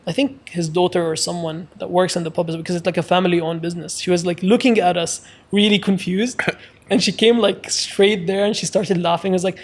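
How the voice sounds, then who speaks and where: Podcast co-host, man, fairly high voice, animated storyteller. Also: a little fast. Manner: animated storyteller, filler-heavy. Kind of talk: casual chat.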